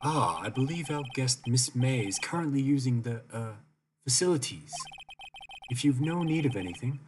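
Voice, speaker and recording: A man's voice: medium pitch, lively intonation, normal speed, a little hiss or hum, close to an everyday voice. A man voicing a fussy, overly polite male hotel bellboy who ends every sentence with a stiffly formal "sir". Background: video game music.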